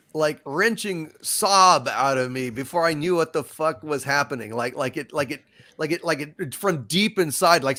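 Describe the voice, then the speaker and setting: A man's voice: a little high, sharp tone. A man hosting a casual live panel chat, talking emotionally in rambling, sweary bursts. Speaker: host.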